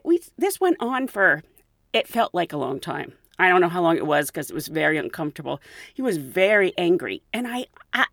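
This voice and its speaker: Animated woman telling work stories. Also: mid-range voice, no room sound, clean studio sound. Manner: animated, laughs often, acts out quotes. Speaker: podcast host and flight attendant. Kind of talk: anecdotal storytelling.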